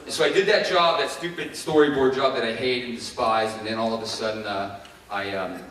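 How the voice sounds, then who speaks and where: A man's voice: medium pitch, brisk. Man, middle-aged, from Ohio, keynote storyteller, acts out quotes, very echoey hall, distant mic. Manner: animated, acts out quoted voices. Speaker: keynote speaker. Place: large conference hall. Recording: echoey hall, heard from far off.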